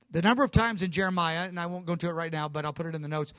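A man preaching a Bible teaching, fervent and emphatic, with quick asides and self-corrections. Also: fairly high pitch, fairly bright tone, dry recording. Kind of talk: sermon-style Bible teaching.

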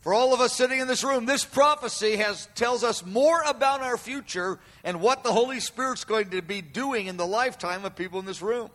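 High bright-voiced male preacher. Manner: emphatic, repeats phrases, swells loud and slow on quoted cries. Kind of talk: sermon. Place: room with an audience. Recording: long hall reverb.

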